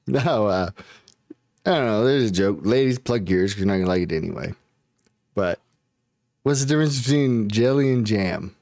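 A man's voice: on the low side, lively intonation, normal speed, gravelly, pauses often, a little mellow, no room sound, studio quality. A man chatting casually as a podcast host, rambling, laughing often and swearing a lot. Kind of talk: casual chat.

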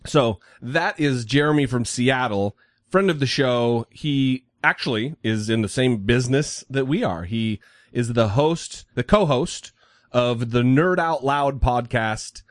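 A man's voice: mid-range voice, unhurried, dry recording, clean studio sound. A man hosting a podcast in loose, joking, profane casual chat. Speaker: podcast host.

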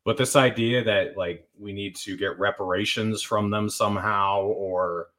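A man hosting a casual podcast, relaxed and rambling as he lays out his opinions. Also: on the low side, unhurried. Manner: relaxed, rambling, says "like" a lot. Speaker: podcast host.

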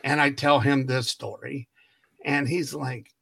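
A man's voice: mid-range voice, fairly even intonation, a little slow, gravelly, a bit bright, husky. A man co-hosting a casual podcast, telling a long story and acting out what everyone said, laughing often. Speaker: podcast co-host.

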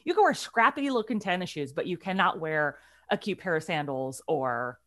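A woman in casual chat as a podcast co-host, telling a story in a chatty, animated way and often laughing. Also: on the low side, normal speed.

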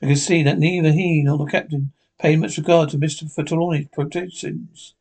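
Man narrating a storybook, a little high. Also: fairly even intonation, fairly quick, hardly any pauses, darkish tone, poor audio. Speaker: audiobook narrator.

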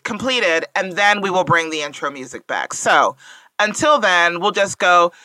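A woman's voice: fairly low pitch, expressive, moderate pace, sharp tone, no room sound, low-quality recording. A woman co-hosting a podcast in casual chat, playful and teasing, laughing often. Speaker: podcast co-host.

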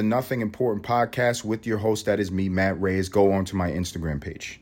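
Husky, profane podcast host ranting. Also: male voice, lowish voice, moderate pace, hardly any pauses. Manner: profane, rambling, animated. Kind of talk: solo podcast rant.

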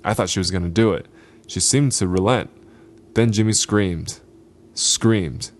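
A man reads a gritty short story aloud, taking his time over each line. His voice is fairly low and steady, with a deliberate, unhurried delivery. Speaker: podcast host.

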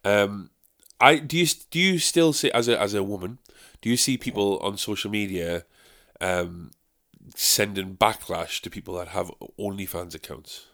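A man's voice: fairly low pitch, normal speed, fairly bright tone. A young man hosting a podcast, rambling and swearing in casual chat. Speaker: podcast host.

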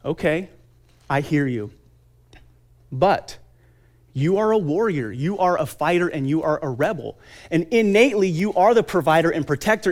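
At a conference, a man in his thirties with a high voice delivers an earnest motivational talk, leaning on dramatic pauses and emphatic lists.

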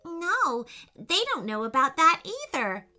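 Brief: woman doing a worried little girl, high, lively and bright. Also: slow pace, soft background music, heavily acted. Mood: earnest. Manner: high pleading childlike voice. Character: young girl, worried and tearful.

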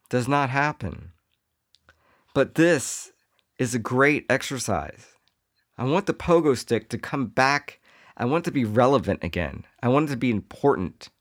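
Male comedian, solo podcast monologue, loose and jokey, does quick throwaway voices. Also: medium pitch. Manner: riffing, jokey, puts on quick voices for imagined people.

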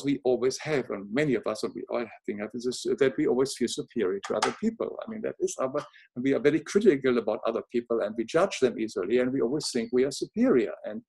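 Older german-accented man, halting and earnest. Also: a little high, breathy edge. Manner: halting, many restarts, gentle and earnest. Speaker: guest, author and illustrator. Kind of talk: reflective interview conversation.

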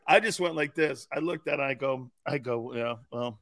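A man co-hosting a sports talk show, telling lively stories and acting out the voices of the people in them. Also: fairly high pitch, fairly quick, dry recording, clean studio sound. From Italian-American family. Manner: animated storyteller, acts out quotes, laughs often. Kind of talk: casual sports talk storytelling.

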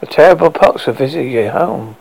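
A man's voice: mid-range voice, animated, fairly quick, vocal fry, darkish tone, slightly rough, rough recording. A man voicing an odd, formal male shopkeeper who speaks in a polite, mock-solemn manner. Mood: prim.

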